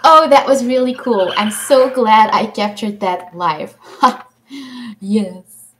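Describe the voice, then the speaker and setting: A woman's voice: mid-range voice, slow pace. A woman hosting a casual livestream, reading viewers' comments aloud and answering them with frequent ums and little laughs. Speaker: livestream host.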